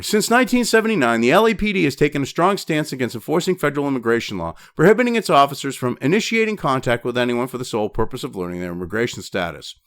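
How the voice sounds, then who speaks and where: A man delivers a furious, profanity-laden rant, jumping between flat, muttered reading and sudden high, loud outbursts. His voice sits fairly high and swings widely in pitch. The sound is close and dry, with no room around it. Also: no echo. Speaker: commentator reading and reacting to news. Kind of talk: profane political rant over news reading.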